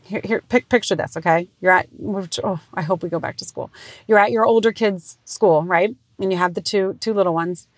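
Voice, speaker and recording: A woman's voice: fairly quick, dry recording. A woman in her thirties hosting a podcast, telling parenting stories in a frank, profane way and laughing at herself as she goes. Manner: swings into high squealing voices when quoting herself. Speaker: podcast host. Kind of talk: casual comedic monologue.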